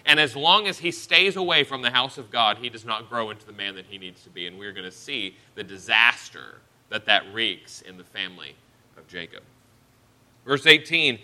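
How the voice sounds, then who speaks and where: A man delivers an expository sermon, walking his listeners through scripture. His voice is very bright and forward, sitting at an ordinary middle pitch. He speaks earnestly and lifts his voice to stress key points. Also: lively intonation, moderate pace. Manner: expository preaching, verse-by-verse Bible teaching. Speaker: preacher.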